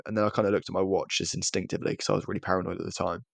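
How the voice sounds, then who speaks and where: A man's voice: deep voice, very fast, vocal fry, no echo. A young British man co-hosting a podcast in casual chat, rambling and self-deprecating with frequent restarts. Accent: British English. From Britain. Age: young adult. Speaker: podcast co-host.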